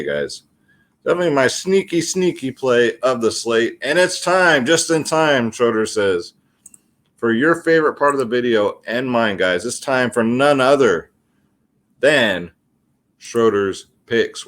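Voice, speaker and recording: A man hosting a fantasy sports picks video, talking casually and addressing his viewers as guys. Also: mid-range voice.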